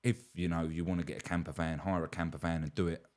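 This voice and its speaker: A man's voice: sits low, fairly even intonation, fast, a little mellow. A man from Kent, a podcast guest telling stories in a blunt, rambling, sweary way. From Kent, England. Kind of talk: casual chat.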